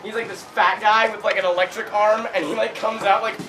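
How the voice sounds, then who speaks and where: A young man rambling through an improvised comedic story, giggling and breaking into loud put-on quotes. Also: high voice, steady tone, fairly quick, a crowd in the background, rough recording. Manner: giggly, rambling, full of fillers, voices shouted quotes. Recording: clear background noise.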